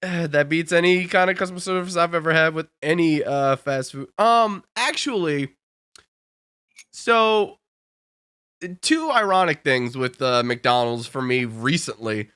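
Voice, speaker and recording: A man's voice: on the high side, expressive, a little slow, a bit bright, clear, resonant tone, dry recording, clean studio sound. A man hosting a podcast, chatting in a laid-back way and retelling stories with voiced quotes. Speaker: podcast host. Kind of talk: casual chat.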